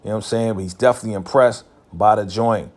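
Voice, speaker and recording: A man's voice: fairly low pitch, fast talker. A man casually recapping a TV episode in a laid-back, slangy way, full of filler phrases.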